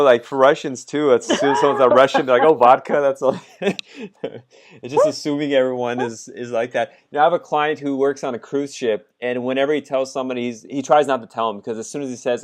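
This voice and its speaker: A man's voice: mid-range voice, a little fast. Laid-back male interview host. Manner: relaxed, laughs often, loose rambling questions. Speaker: host, immigration lawyer. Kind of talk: casual interview chat.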